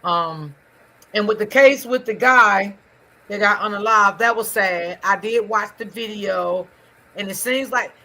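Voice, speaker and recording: A woman's voice: medium pitch, animated, measured pace, bright, forceful tone. A woman hosting a casual livestream, chatting to her viewers in a repetitive, talkative way. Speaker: livestream host.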